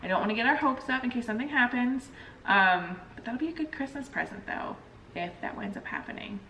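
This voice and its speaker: A woman in her thirties chatting casually to camera as a vlogger, telling a story in an animated way and acting out the people in it. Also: on the high side, brisk, a little hiss or hum. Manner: animated storyteller, acts out quoted phone calls. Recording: roomy echo, mic at a distance.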